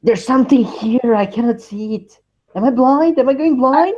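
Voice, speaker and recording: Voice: mid-range voice, moderate pace, mellow, voice pushed up, natural voice. A player voicing a reckless, confused male goliath warrior who talks in an alarmed, raised voice, on a dull lo-fi mic.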